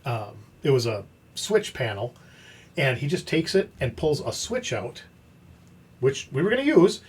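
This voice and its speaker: A man's voice: mid-range voice, unhurried, slightly rough. A man hosting a podcast, telling a story in casual chat and acting out the quoted dialogue. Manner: animated, acts out quoted dialogue. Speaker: podcast host.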